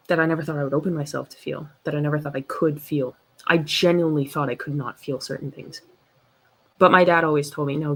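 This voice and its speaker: The host of this casual livestream is a young woman with a low voice that has a breathy edge. She talks passionately and reads out chat comments, sounding emphatic and animated.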